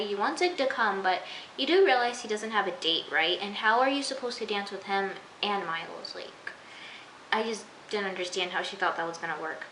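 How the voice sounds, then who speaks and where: Young woman chatting about a tv episode, kinda high bright voice, giggles a lot, echoey room w a little hiss. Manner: chatty, giggly, full of "like" and "you know". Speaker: TV episode reviewer. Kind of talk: casual recap vlog.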